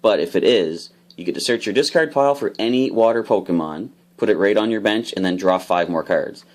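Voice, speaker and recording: A man casually opening trading card packs, explaining each card's rules with bursts of excitement. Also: lowish voice, fairly quick. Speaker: card unboxing host. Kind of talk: casual unboxing commentary.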